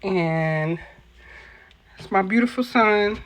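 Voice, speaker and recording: A woman's voice: medium pitch, slow, slight background noise. A middle-aged woman casually showing viewers around her small apartment, chatting with lots of ums and calling them y'all. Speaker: vlogger giving a home tour. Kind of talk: casual home tour vlog. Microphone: handheld phone camera.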